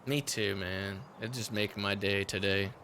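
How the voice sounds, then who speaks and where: A man's voice: on the low side, steady tone, unhurried, noisy background. A man chatting on voice chat while gaming, laughing often and swearing when things go wrong. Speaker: gamer on voice chat.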